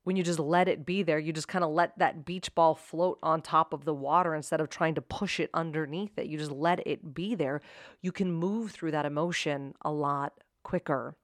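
Female self-help host, lower register, upbeat and direct, dry booth sound. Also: steady tone, moderate pace, no room sound. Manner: upbeat, direct address to listener, rhetorical questions. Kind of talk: motivational self-help talk.

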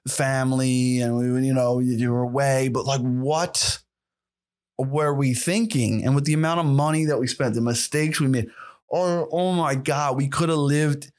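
A man's voice: medium pitch, steady tone, moderate pace, darkish tone. A man hosting a solo podcast who rants in a rambling, profane and sarcastic way. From United States. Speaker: podcast host. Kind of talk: casual solo rant.

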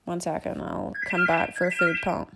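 A woman's voice: fairly low pitch, big pitch swings, moderate pace, creaky, heavy background noise. A young woman tells her life story candidly and casually, rambling and swearing freely.

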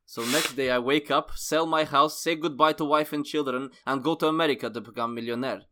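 A man's voice: on the high side, steady tone, a little fast, pushed and bright. A man voicing a boastful Russian male immigrant in broken English, with a put-on Russian accent and rolled R's. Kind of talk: comic reading of a review.

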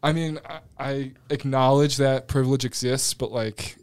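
A man's voice: mid-range voice, fairly even intonation, moderate pace, clean tone, no echo, clean studio sound. A man hosting a podcast, telling a story in casual chat and laughing along.

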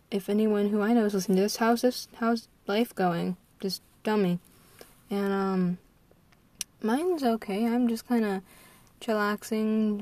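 Teenage American girl, scatterbrained rambling chat, mid pitch, dry close mic. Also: dark tone, no echo. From United States. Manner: scatterbrained, giggly, trails off and restarts. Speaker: vlogger.

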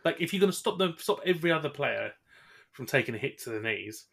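A man's voice: fairly high pitch, expressive, fast, creaky, fairly bright tone. A man co-hosting a casual sports podcast, joking and laughing often as he talks. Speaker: podcast co-host.

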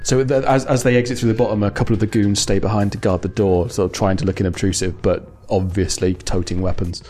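A man's voice: on the low side, flat delivery, fast, dark tone, soft background music. A man running a tabletop game as game master, narrating the scene with frequent laughs and restarts. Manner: laughing often, rambling with restarts.

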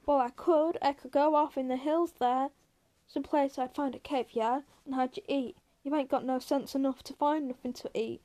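A woman reading aloud, voicing a gruff, weary ranch hand who scolds his friend. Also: high voice, fairly even intonation, moderate pace, mellow, lightly acted.

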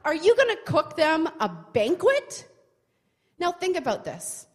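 A woman retelling a Bible story in a chatty, expressive way, often asking the listener questions. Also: very high voice, unhurried. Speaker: Bible teacher. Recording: long hall reverb.

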